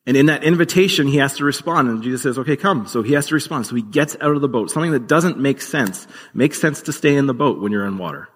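A man's voice: medium pitch, quick pace, hardly any pauses, breathy edge, in a large hall. A man preaching a sermon as pastor, earnest and conversational, with occasional fillers.

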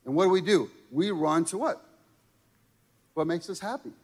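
A man's voice: fairly high pitch, animated, normal speed, darkish tone, breathy edge, in a large hall. A man preaching a sermon in a casual, conversational way, often checking in with the crowd by asking "right?" and "okay?". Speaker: pastor.

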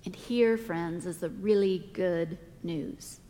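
A middle-aged woman pastor preaching a sermon, speaking deliberately with dramatic pauses. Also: fairly low pitch, dark tone. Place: church sanctuary. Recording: long reverb of a church hall.

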